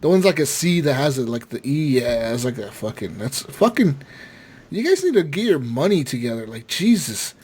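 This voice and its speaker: A man's voice: medium pitch, big pitch swings, moderate pace, darkish tone, breathy edge. A man hosting a casual gaming podcast, reading listener comments aloud with lots of swearing and laughter.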